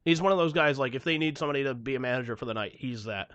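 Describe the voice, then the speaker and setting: A man's voice: mid-range voice, very fast, no room sound, muffled recording. Young guy ranting bout work on a podcast, cusses a lot, dry no-room sound. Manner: profane, animated storytelling. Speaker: podcast host. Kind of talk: casual chat.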